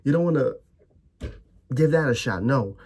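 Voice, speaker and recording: A man's voice: mid-range voice, animated, moderate pace, darkish tone, breathy edge. A young man ranting as a football fan, heated and profane, stammering over his restarts.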